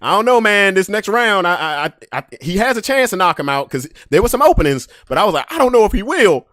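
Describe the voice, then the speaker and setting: Man, podcast host, storytelling, very lively pitch, dry close sound. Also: fast, no room sound. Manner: animated, acts out voices, swings from hushed to yelling.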